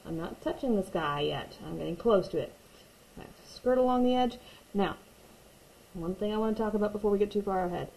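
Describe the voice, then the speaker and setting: A woman's voice: medium pitch, brisk, vocal fry, a little mellow, rough recording. A woman teaching a watercolor painting tutorial, patient and reassuring, repeating her key points. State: hiccups. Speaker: art teacher.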